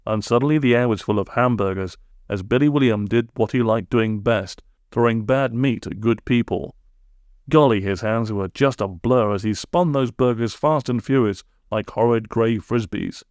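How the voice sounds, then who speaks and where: A man's voice: medium pitch, moderate pace, darkish tone, no echo, studio quality. A man narrating a comic children's story in a playful storybook reading.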